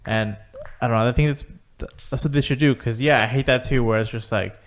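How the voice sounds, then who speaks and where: A man co-hosting a casual podcast, talking in a measured, laid-back way. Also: mid-range voice. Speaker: podcast co-host. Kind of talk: casual chat.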